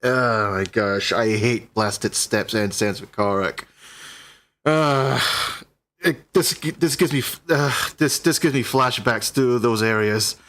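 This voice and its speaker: A man's voice: medium pitch, slow pace, fairly bright tone. A man streaming his reactions to a video, chatting casually and thinking aloud in a meandering way.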